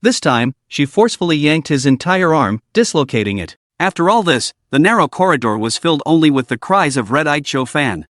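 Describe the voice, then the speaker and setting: A man giving a scripted first-person narration recapping a fantasy comic in a steady storytelling read. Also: fairly high pitch, a little fast, few pauses, no echo, studio quality.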